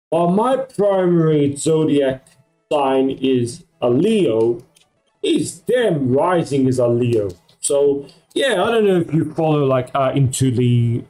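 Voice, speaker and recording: A man's voice: on the high side, mellow, poor audio. A man from Australia with an American-sounding accent, chatting casually on a live stream in a rambling way, full of fillers. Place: home at night.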